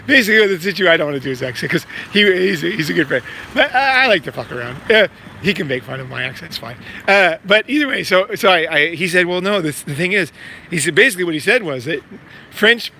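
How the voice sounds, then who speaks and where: A man's voice: high voice, expressive, quick pace, vocal fry, bright, forceful tone, slight background noise. A man vlogging in casual, rambling talk, swearing freely and stacking fillers and repeats. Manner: profane, filler-heavy, repeats himself. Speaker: vlogger promoting a meetup.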